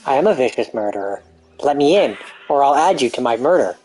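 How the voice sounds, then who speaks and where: A man chats over his game in an offhand, joking tone. His voice sits in a middle pitch. Faint game music plays behind him. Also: lively intonation, brisk, a little mellow, low-quality recording. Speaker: game player. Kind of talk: casual gaming chat.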